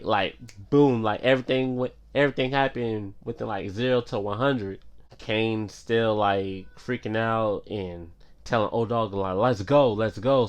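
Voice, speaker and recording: Male host for a laid-back film recap; low voice, slow and unhurried, loose and full of fillers. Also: smooth. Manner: laid-back retelling, many filler "like"s and restarts. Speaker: movie reviewer. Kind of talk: casual movie recap.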